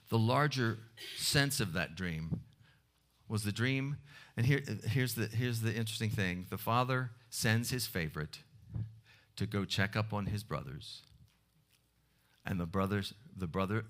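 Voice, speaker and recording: Forceful, bright-voiced male preacher. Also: fairly low pitch. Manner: storytelling with restarts and laughs. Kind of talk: sermon.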